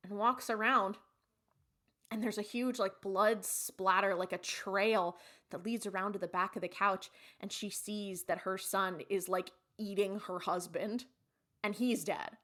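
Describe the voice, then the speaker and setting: A woman's voice: medium pitch, measured pace. Young woman recapping a show. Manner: animated retelling with acted-out quotes. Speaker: podcast co-host. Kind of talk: casual episode recap.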